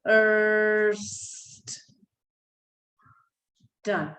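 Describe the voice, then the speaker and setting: A woman teaching a recorded online phonics lesson, sounding out words slowly and breaking off with apologetic asides. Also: medium pitch, fairly even intonation, fairly bright tone, roomy sound, slight background noise. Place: holiday home by the sea, waves audible.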